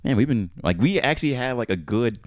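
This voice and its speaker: A man's voice: medium pitch, animated, quick pace, no room sound, studio quality. An American man hosting a podcast, chatting in a laid-back way with lots of fillers and agreement. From United States. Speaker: podcast host. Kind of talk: casual chat.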